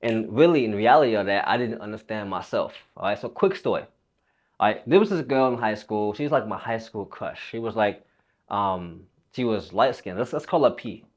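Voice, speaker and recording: A man's voice: lowish voice, lively intonation, normal speed. A young man and fitness coach telling a personal story in a loose, rambling, casual way, swearing freely.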